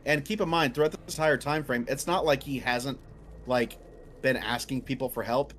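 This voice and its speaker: A male podcast co-host vents in casual chat about a coworker, heated and swearing, raising his voice to act out quoted lines. His mid-range voice is slightly bright at a moderate pace, with a little hiss or hum.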